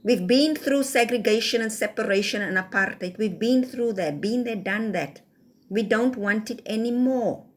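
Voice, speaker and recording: A woman's voice: fairly high pitch, moderate pace. A woman with a South African accent, ranting and lecturing in a scolding, rhetorical way in a casual vlog. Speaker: vlogger. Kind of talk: casual rant to camera.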